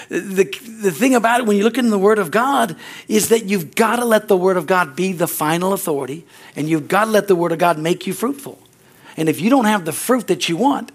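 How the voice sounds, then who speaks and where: Male pastor, high voice, storytelling sermon with repeated phrases and rising fervor. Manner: storytelling, repeats phrases, rises to excited preaching.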